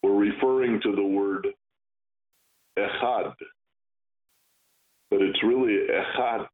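Man teaching hebrew letter sounds, really slow and stern, drags words out to show them, tinny phone-like audio. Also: on the low side. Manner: slow, instructive and stern, stretching words to demonstrate. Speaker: Kabbalah teacher.

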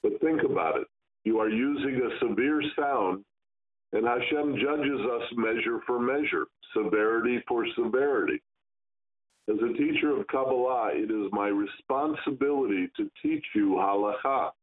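A man teaching Kabbalah, giving a slow, stern lesson on pronouncing Hebrew letters and stretching words to demonstrate. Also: medium pitch. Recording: tinny phone-like sound.

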